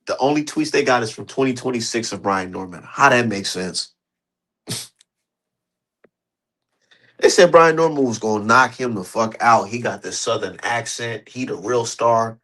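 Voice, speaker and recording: A man's voice: medium pitch, normal speed, pauses often, a bit bright. A man hosting a casual boxing talk stream, emphatic and profane, voice jumping up when he gets heated. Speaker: streamer host.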